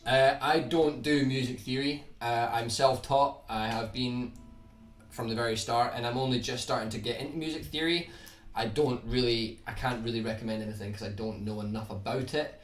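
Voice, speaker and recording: A young Scottish man with a toned-down accent, chatting casually to viewers on his guitar livestream in a relaxed, rambling way, often restarting his words. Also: mid-range voice, normal speed, far from the mic. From Scotland. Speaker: guitar YouTuber hosting a livestream. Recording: roomy sound from off the mic, faint background hiss.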